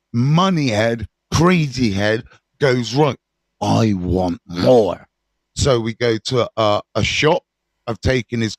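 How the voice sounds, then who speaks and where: A man's voice: medium pitch, dry recording. A middle-aged English man, a recovery mentor, telling his story in casual, candid talk with slang and swearing.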